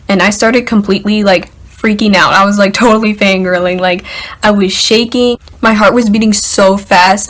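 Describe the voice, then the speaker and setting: A young woman vlogger telling a story to the camera in an excited, chatty way, packed with "like" and "literally". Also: mid-range voice. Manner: excited, filler-heavy, lots of "like" and "literally".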